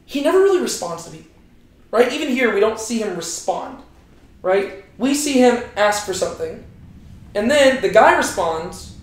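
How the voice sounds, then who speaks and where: A man's voice: high voice, sing-song, normal speed. A young man teaching a casual Bible lesson in a chatty way, tagging lines with "right?". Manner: chatty, keeps asking right?. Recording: very echoey room.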